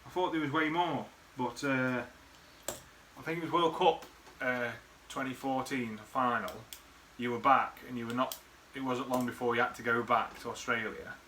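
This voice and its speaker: A man's voice: mid-range voice, fairly even intonation, moderate pace, sharp tone, slight background noise. A man recording a rambling, sweary birthday message full of memories for an old friend. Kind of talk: casual rambling reminiscence.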